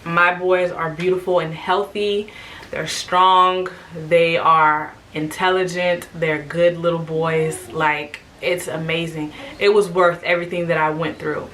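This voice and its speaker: A woman telling her birth story to camera in a casual, animated way, acting out what people said. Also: on the low side, measured pace, slight background noise.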